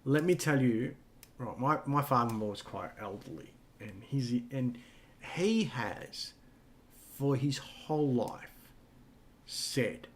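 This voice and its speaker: A man's voice: mid-range voice, animated, slow. Rambling, swearing man in casual chat. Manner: rambling, swears freely, many fillers. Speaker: podcast co-host.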